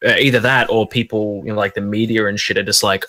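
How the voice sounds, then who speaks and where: Profane, ranting man with a bright tone. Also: lowish voice, steady tone, fast. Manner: ranting, profane, repetitive restarts. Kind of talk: casual online panel chat.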